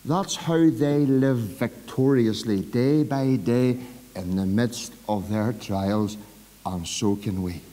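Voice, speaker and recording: A Northern Irish pastor preaching a sermon in a church, swinging from loud, emphatic calls to soft, low asides. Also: male voice, slow, long reverb tail, poor audio.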